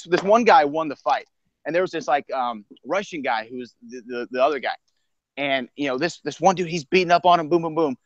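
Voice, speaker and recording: A man's voice: fairly high pitch, lo-fi sound. A male radio host from Texas arguing sports and music in an emphatic, opinionated way, telling stories to make his point. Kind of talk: casual sports and pop-culture debate. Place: radio studio.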